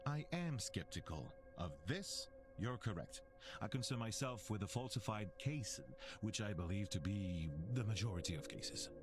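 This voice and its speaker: An actor playing a confident male investigator of the occult, with a thick French accent and a smooth, slightly condescending manner. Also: lowish voice, lively intonation, moderate pace, over music. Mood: suave. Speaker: game character.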